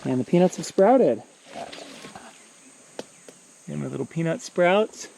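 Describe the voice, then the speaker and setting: Gravelly-voiced man walking a farm, easygoing, pointing out crops, with insects buzzing loudly behind him outdoors. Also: a little high, slow pace. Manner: relaxed, points out plants as he walks. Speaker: farm owner giving a tour. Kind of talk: casual walking tour. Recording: outdoor noise with insects and crickets.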